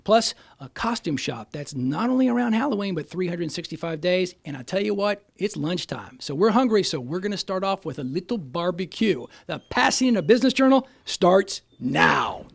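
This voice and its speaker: Folksy guy hosting a local business show, kinda high, gravelly and husky. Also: big pitch swings, moderate pace, few pauses. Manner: chatty, folksy, joking. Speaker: host.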